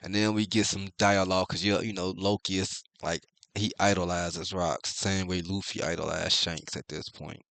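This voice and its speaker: A man with a very low voice talks through a comic chapter in a loose, casual way. He reads the panels aloud and breaks off into blunt, profane reactions. The sound is close and dry. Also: normal speed, creaky, dry recording. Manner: blunt, profane, excitable commentary. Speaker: manga reviewer.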